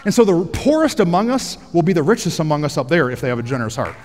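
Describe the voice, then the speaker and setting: High-voiced preacher man in a big hall. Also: fast. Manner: energetic, joking, rising to shouts for emphasis. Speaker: pastor. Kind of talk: sermon. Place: large church auditorium. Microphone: headset mic.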